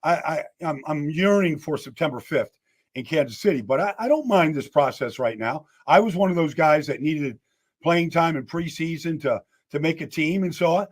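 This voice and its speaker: A man's voice: on the high side, expressive, moderate pace. A man guesting as a football analyst, answering thoughtfully and restarting his sentences now and then. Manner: thoughtful, repeats words when starting a thought. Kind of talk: interview answers.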